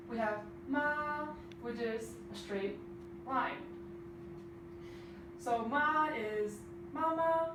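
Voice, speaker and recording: Slow woman teacher in an echoey room. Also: a little high. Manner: slow, careful, demonstrating sounds. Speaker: language teacher. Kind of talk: explaining lesson. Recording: echoey room, far from mic, noisy.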